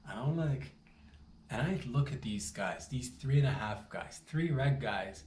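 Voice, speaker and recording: A storyteller spins a rambling, swaggering, absurd comic tall tale packed with slang, his voice jumping up high whenever he gets worked up. He's animated yet keeps a measured pace, with a slightly mellow quality. The space sounds roomy and very echoey, with faint ambient noise behind him.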